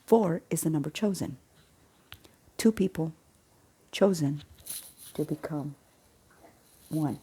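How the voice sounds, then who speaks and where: A woman's voice: low-pitched, slow pace, long pauses, mellow, breathy edge. A woman casually telling a personal story as a faith vlogger, rambling, repeating words and often dropping into a half-whisper.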